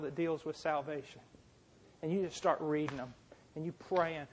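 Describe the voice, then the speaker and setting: A middle-aged preacher man with a somewhat high voice delivers a sermon full of repeated, emphatic lines. He tells his story with growing fervor, pushing toward near-shouted intensity. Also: unhurried, pauses often. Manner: impassioned, rising to shouting fervor; repetitive emphatic phrasing.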